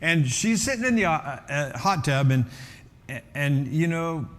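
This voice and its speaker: Man, middle-aged pastor, sermon storytelling, slightly high voice, long church-hall reverb. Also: unhurried. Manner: animated storytelling, acting out quoted voices. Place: church auditorium.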